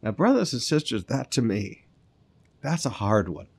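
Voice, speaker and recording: Expressive pastor preaching. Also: male voice, mid-range voice, normal speed, creaky, husky. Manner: conversational, shifting from lively asides to soft, earnest appeals. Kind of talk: sermon with scripture reading.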